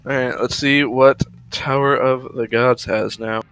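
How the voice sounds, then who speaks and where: Bright sharp-sounding guy reacting to the race, jokey and sarcastic. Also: mid-range voice, steady tone, unhurried, smooth, poor audio. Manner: reactive, joking, sarcastic asides. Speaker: co-commentator. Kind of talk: live speedrun commentary.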